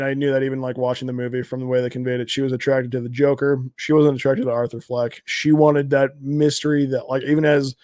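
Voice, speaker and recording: Man, flat even delivery, lots of filler words, casual panel chat, dry sound. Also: mid-range voice, no echo. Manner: hedging, fills with "like". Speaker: podcast panelist. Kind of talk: casual pop culture discussion.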